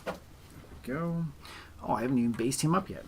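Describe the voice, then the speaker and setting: A man chatting casually to his stream while assembling miniatures, talking to himself in a chatty, self-mocking way and now and then slipping into high sing-song baby talk. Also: brisk, background noise. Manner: chatty, self-deprecating, talks to himself as he works. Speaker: hobby streamer.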